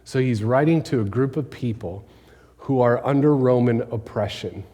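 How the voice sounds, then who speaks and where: A pastor preaches a conversational sermon in a church sanctuary, posing rhetorical questions to the congregation and sinking to a near-whisper for emphasis. He speaks at a moderate pace with a dark tone, and the recording carries a long hall reverb.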